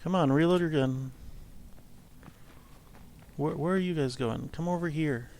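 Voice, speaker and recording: A man's voice: on the high side, unhurried, darkish tone, slight background noise. A man casually commenting on his own gameplay, thinking aloud and rambling with a self-amused tone. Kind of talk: casual let's-play commentary.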